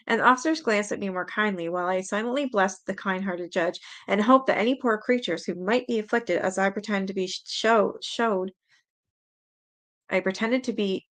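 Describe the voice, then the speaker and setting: A woman reading a memoir aloud in a casual manner, laughing now and then and stumbling over some words. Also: medium pitch. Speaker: reader.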